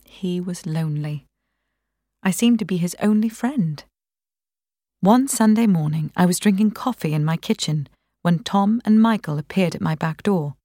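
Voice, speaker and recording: A woman reading a first-person novel aloud in a calm, measured way. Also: on the low side, no echo, clean studio sound. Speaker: narrator. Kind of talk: audiobook reading.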